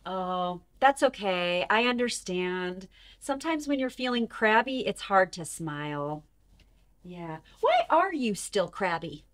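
A woman's voice: medium pitch, big pitch swings, slow pace. Sing-song woman hosting a toddler show. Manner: gentle, sing-song, exaggerated wonder. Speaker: children's show host. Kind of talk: children's show presenting. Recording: music under voice.

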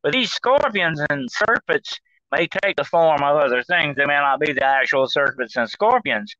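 A man with a bright, forceful voice speaks over a dull, muffled line that sounds dry and close. He rambles through his points with many fillers and restarts in a casual talk-show manner. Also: fairly high pitch, expressive, normal speed, dry recording. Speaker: guest on demonology show.

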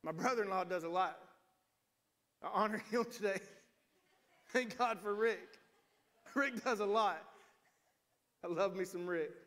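Bright-voiced pastor in his forties. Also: high-pitched, a little slow, pauses often, in a large hall. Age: 40s. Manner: humorous storytelling, acts out voices. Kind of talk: sermon. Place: church sanctuary.

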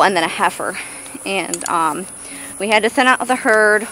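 A woman's voice: mid-range voice, pushed and bright, low-quality recording. Breathless woman cooing at farm animals. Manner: chatty, coos baby talk at the animals. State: out of breath from walking in the heat. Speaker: homesteader showing her farm animals. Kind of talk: casual farm tour vlog. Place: outdoors on a farm pasture.

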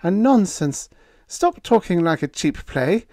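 A man voicing a brisk, imperious young wife in a high, raised voice with a bossy, clipped manner. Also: very animated, a little mellow, no room sound, clean studio sound, full character voice.

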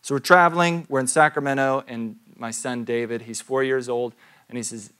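Man, pastor, sermon, church, casual storytelling, rhetorical questions, mid pitch. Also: steady tone, moderate pace, pushed and bright, clear, resonant tone.

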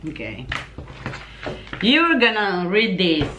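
A woman's voice: medium pitch, wildly swooping pitch, slow pace, a bit bright, highs cut off, slight background noise. A woman from the Philippines with a Filipino accent, teaching Tagalog sounds and laughing often, patient and repetitive. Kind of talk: casual home language lesson.

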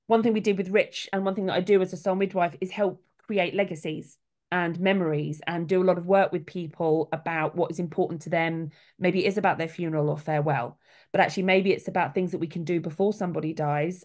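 A woman's voice: lowish voice, a little mellow. A middle-aged woman, a soul midwife, talking casually and earnestly, with quoted voices acted out along the way. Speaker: soul midwife, guest speaker.

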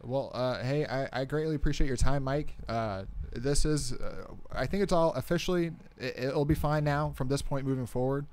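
A man's voice: medium pitch, moderate pace, hardly any pauses, a little mellow, clean tone. A man hosting a casual podcast, speaking hesitantly with many fillers and restarts. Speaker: podcast host. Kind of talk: casual chat.

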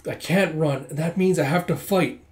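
A man's voice: on the high side, normal speed, lightly acted. A man doing an earnest young swordswoman. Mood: resolute. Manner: earnest, resolute. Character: determined young princess swordfighter.

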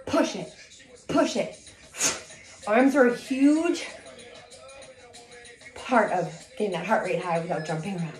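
A woman fitness instructor coaching a low-impact cardio workout, energetic and a little out of breath as she counts reps and cheers people on. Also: a little slow, long pauses. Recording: echoey room with music.

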